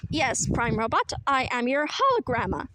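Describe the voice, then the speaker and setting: A woman's voice: high-pitched, very animated, normal speed, background noise. Woman voicing a loving hologram grandma. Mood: tender. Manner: soothing and tender. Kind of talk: children's book read-aloud.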